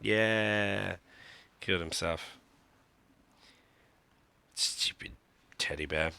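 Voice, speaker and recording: A man's voice: deep voice, unhurried, creaky, sharp tone. A man giving live commentary on a mobile game he is playing, talking to himself in a wry, joking, self-mocking way. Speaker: gaming streamer.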